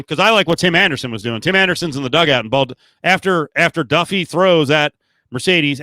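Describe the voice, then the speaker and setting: A man co-hosting a casual sports podcast, animated and opinionated, his voice rising as he gets worked up. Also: on the high side, no echo. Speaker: podcast co-host.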